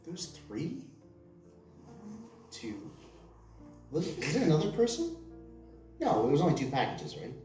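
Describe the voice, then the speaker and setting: A man playing a tabletop game who jokes around in a deadpan way while in character. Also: on the high side, unhurried, pauses often. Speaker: player. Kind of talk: tabletop role-play. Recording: roomy, distant mic, faint music.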